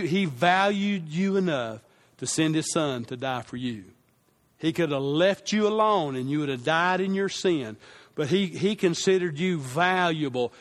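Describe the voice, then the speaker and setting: A male pastor delivers a sermon in a fairly high voice, unhurried and deliberate. He repeats his key lines for weight and has the congregation say phrases back with him.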